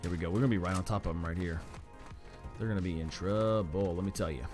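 A man streaming a live game, chatting with his viewers and reacting quickly and excitably to the action. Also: sits low. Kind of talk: live gaming commentary. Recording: game music and gunfire in the mix. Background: game music and gunfire.

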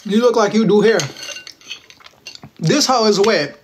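A man in his twenties from Texas hosts a casual livestream from home on his phone, teasing viewers and answering their comments in playful slang. His voice sits high and unhurried, with a little hiss or hum in the audio.

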